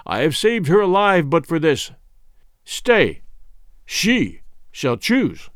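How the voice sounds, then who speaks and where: A man voicing a stern, commanding king in an audiobook, with measured, grave pronouncements. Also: a little high, very animated, no room sound, studio quality. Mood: solemn. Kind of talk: audiobook character voice.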